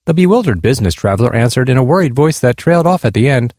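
A man earnestly reading aloud a personal essay about his blind parents' experiences, in a measured tone. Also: mid-range voice, animated, a little mellow, dry recording, clean studio sound. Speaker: speaker on disability awareness.

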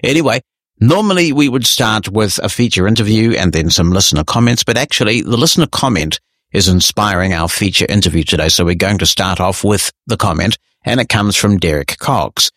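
Brisk New Zealand man hosting a podcast. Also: lowish voice, lively intonation, a bit bright, no echo, clean studio sound. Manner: brisk, wry and conversational. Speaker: podcast host. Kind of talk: scripted podcast presenting and reading listener mail. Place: office.

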